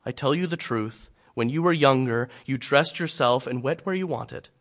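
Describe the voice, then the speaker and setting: A man preaching a sermon voices Jesus as a calm, tender teacher, speaking softly and slowly. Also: medium pitch, natural voice. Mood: gentle. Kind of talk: dramatic scripture reading in a sermon.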